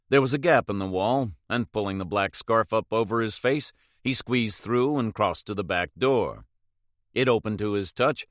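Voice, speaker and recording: A man reading a thriller novel aloud as an audiobook narrator in a measured, steady way. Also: on the low side, dry recording, clean studio sound.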